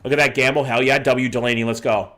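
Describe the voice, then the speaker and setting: A man's voice: mid-range voice, steady tone, fast, sharp tone. Swearing streamer man in his thirties. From Vancouver, Canada. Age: 30s. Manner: casual, swears a lot, chats with viewers while guessing. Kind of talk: live-stream commentary, reading chat.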